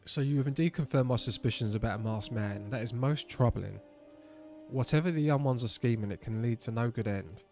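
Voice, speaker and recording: A man's voice: mid-range voice, darkish tone, soft background music, lightly acted. A man voicing a grave old resistance leader. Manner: solemn, measured reading. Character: weary older male resistance leader, grave.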